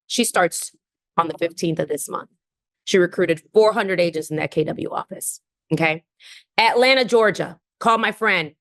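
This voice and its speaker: A woman with a somewhat low voice tells upbeat stories of recruiting calls, acting out each side of the conversation. She talks to a group over a video call, with high energy and plenty of encouragement. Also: normal speed. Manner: animated storytelling, acting out phone calls. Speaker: team leader sharing recruiting tips.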